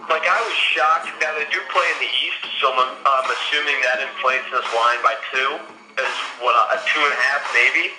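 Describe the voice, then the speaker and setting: A man's voice: mid-range voice, normal speed, background noise. Casual man chatting sports, echoey room. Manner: relaxed, laughs often, hedging. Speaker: podcast co-host.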